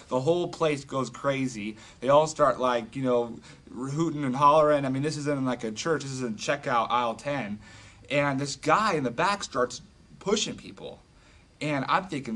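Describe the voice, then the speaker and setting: A man casually retelling a healing story as an evangelist, animated and full of fillers. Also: mid-range voice, moderate pace. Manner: animated, filler-heavy retelling with acted quotes. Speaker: street evangelist telling a testimony.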